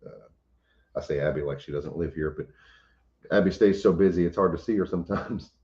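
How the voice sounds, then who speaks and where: Deep-voiced man, casual livestream. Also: brisk, warm tone. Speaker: homestead channel host. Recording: roomy, slightly dull sound.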